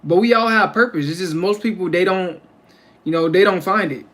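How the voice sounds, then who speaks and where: A man's voice: high-pitched, a little fast, a bit bright. A man hosting a casual livestream from home, rambling and repeating himself as he restarts his phrases. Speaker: livestream host.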